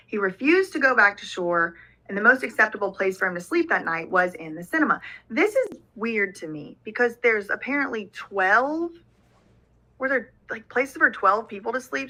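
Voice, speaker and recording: Bright-voiced woman doing reaction commentary. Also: mid-range voice, low-quality recording. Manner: conversational, reads documents aloud with frequent fillers. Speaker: reaction channel host.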